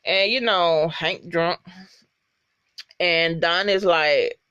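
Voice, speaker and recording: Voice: mid-range voice, extremely slow, clear, resonant tone, dry recording, highs cut off. Profane, emphatic TV recapper. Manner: profane, emphatic, animated storytelling; talks straight to viewers as "y'all". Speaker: TV episode recapper. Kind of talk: casual episode recap.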